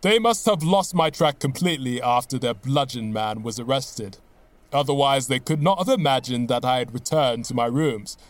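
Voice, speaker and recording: A man reading an audiobook, voicing a brisk, cool-headed middle-aged detective with a dry, measured manner. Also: medium pitch, no room sound, lightly acted. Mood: assured.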